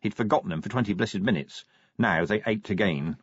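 A man narrating an audiobook in a steady storytelling manner. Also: on the low side, a little fast, slightly rough, no room sound, muffled recording. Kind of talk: scripted narration.

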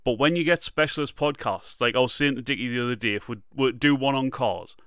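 A man chats casually as a podcast co-host. His voice is smooth and clear, recorded close and dry. He talks in a jokey, rambling way. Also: mid-range voice, quick pace, fairly bright tone, no echo. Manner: chatty, jokey, slips into silly impressions. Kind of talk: casual chat.

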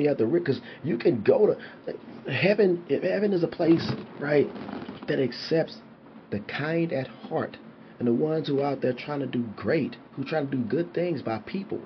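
A man's voice: fairly high pitch, a little hiss or hum. A young man, a father, talking casually and animatedly to camera, swearing freely and preaching about respect. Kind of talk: casual monologue. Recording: dull lo-fi sound with faint ambience.

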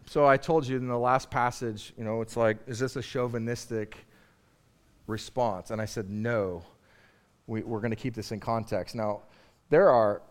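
A middle-aged male pastor preaching a conversational sermon, which swings from quiet asides to loud, emphatic points. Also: medium pitch.

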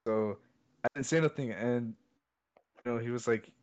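A man's voice: medium pitch, moderate pace. A young man telling a long story in casual chat, rambling and repeating himself. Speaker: podcast co-host. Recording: dull lo-fi sound.

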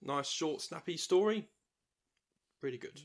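A man, co-hosting a podcast, chatty and quick to laugh. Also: a little high. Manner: chatty, laughs often, acts out quotes. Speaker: podcast co-host. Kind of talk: casual chat.

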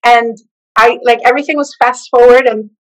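A woman telling her personal faith testimony in an animated way, acting out the voices of the people in her story. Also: on the high side, brisk, rough recording. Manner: expressive storyteller who acts out the quoted lines. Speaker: guest sharing her testimony.

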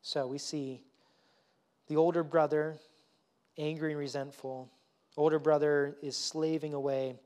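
A man's voice: on the high side, flat delivery, measured pace, pauses often, a little mellow. A male pastor giving a casual, conversational sermon with fillers and repeated words. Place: church.

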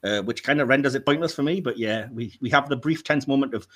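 A man co-hosting a podcast in casual chat, animated and laughing often as he rants. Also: medium pitch, fast talker. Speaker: podcast co-host.

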